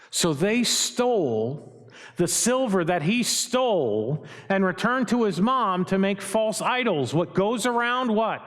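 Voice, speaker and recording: A man's voice: high-pitched, in a large hall. A man preaching a sermon as pastor, emphatic and fond of asking his congregation rhetorical questions, recorded in a church. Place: church sanctuary.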